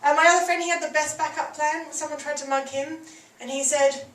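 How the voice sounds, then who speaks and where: High-voiced woman doing stand-up. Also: fairly even intonation, fairly quick, fairly bright tone. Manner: chatty, giggles through her lines. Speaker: stand-up comedian. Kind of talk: stand-up comedy set. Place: theatre stage before a live audience. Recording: echoey, distant live recording with noise.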